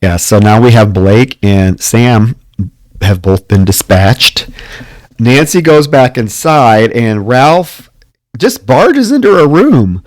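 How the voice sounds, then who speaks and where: A man's voice: medium pitch, takes it slowly, no echo. A man co-hosting a podcast, casually recapping a horror film and acting out the characters' lines. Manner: animated retelling, acts out the characters' lines. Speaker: podcast co-host. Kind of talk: casual film-review chat.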